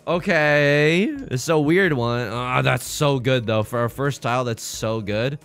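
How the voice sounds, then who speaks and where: A man hosting a let's play, commenting casually on his game in an excitable, jokey way, thinking aloud. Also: mid-range voice, measured pace, hardly any pauses, clear, resonant tone, soft background music.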